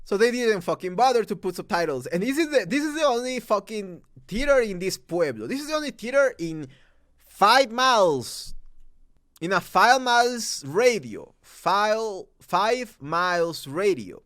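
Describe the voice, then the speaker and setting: A man's voice: high-pitched, sing-song, a little slow, fairly bright tone, dry recording, studio quality. A young Mexican man with a Mexican accent, ranting about a movie dub, profane and exasperated with frequent restarts. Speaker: movie reviewer. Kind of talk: angry rant.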